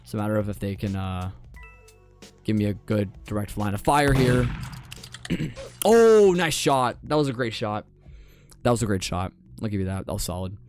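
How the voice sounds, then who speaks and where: A man's voice: fairly low pitch, moderate pace, pauses often, soft background music. Laid-back young man streaming, muttering repeats. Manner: repeats phrases, often drops to quiet mutters. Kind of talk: casual live-stream chat with gameplay commentary.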